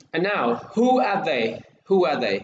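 Vietnamese guy teaching english, slow and drawn out, says every word twice, echoey room. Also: a little high, big pitch swings, lo-fi sound, slight background noise. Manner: slow, repeats words for pupils to echo. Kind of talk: classroom English lesson.

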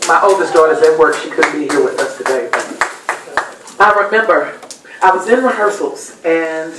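A middle-aged woman giving a personal speech at a dinner event, an animated, folksy storyteller. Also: low-pitched, normal speed, background noise. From Texas. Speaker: guest speaker at a dinner event. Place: banquet hall. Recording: echoey hall, voice from far off.

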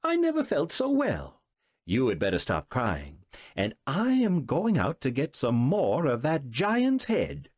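A hungry, carefree storybook boy with a bright, eager lilt, as a male reader puts him on. His voice springs up high and swings widely from word to word. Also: wildly swooping pitch, measured pace, slightly rough, no room sound, clean studio sound, exaggerated voice. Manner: eager and cheerful. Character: greedy, carefree young peasant boy.

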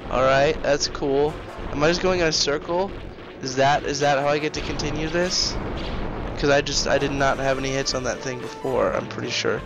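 An excitable man talks through his gameplay, flustered and quick to trash-talk, with game music playing loudly behind him. His pitch sits at a plain middle height. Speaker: let's play host. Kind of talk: casual gameplay commentary. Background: game music and sound effects.

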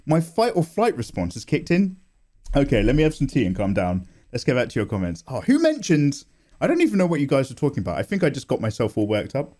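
A young man chatting casually on his art channel as he draws, animated and self-mocking, swearing and laughing as he goes, recorded on a condenser microphone at home. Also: medium pitch, quick pace. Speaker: art YouTuber. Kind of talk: casual chat while drawing.

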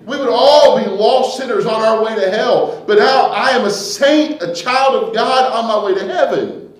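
A man preaching a sermon as pastor, swinging from hushed asides to loud, emphatic declarations. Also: extremely high pitch, normal speed, reverberant, rough recording. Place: church sanctuary.

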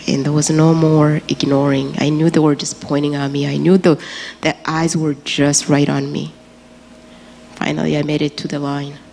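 A woman's voice: deep voice, a little mellow, slight background noise. Woman giving a church testimony. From Rwanda. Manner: earnest, emotional storytelling. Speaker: guest speaker. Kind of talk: personal testimony in a sermon. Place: large church auditorium. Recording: reverberant church hall, faint ambience.

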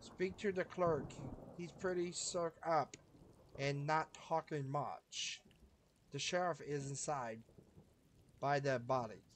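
Give me a man playing a slow, drawn-out deputy at a crime scene. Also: fairly high pitch, steady tone, a little hiss or hum. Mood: matter-of-fact.

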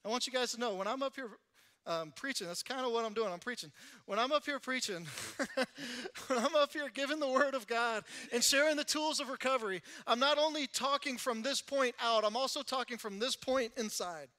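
A young male pastor giving a conversational, animated recovery sermon in church and laughing at himself. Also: very high-pitched, brisk.

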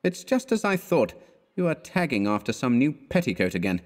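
A man's voice: medium pitch, big pitch swings, normal speed, big-room sound, voice pushed up, natural voice. A man voicing an exasperated young male art student who scolds his friend with scorn.

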